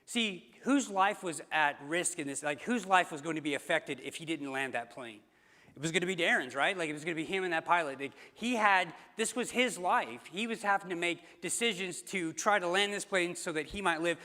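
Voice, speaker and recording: In a church sanctuary with long hall reverb, a pastor delivers a sermon, narrating a story casually with fillers and restarts. He speaks fairly quickly in a high, sharp-toned voice.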